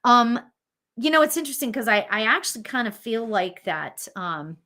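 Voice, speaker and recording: A chatty woman medium talks straight to her viewers in a bright, forceful voice that sits a little high. She giggles often and trails through ums and restarts as she reads comments and gives readings. Her talk is loose and casual. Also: sing-song, normal speed. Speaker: spiritual medium hosting a live show.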